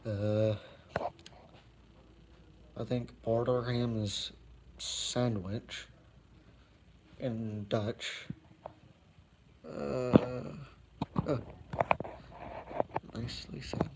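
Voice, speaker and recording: A man's voice: medium pitch, fairly even intonation, drawn-out words, long pauses, noisy background. A young man chatting casually on a live stream at home, rambling with many fillers as he walks around. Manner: rambling, easygoing, full of fillers and asides.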